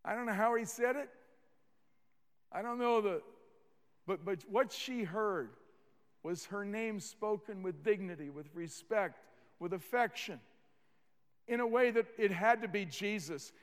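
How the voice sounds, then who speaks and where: A man's voice: high voice, measured pace, long pauses, big-room sound. A man preaching a sermon as pastor, earnest, repeating words and leading the congregation in responses.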